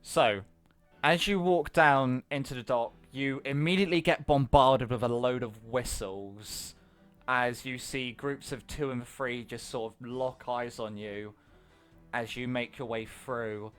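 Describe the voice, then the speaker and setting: A man narrating a tabletop game as game master, relaxed and rambling with many pauses. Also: medium pitch, smooth, soft background music.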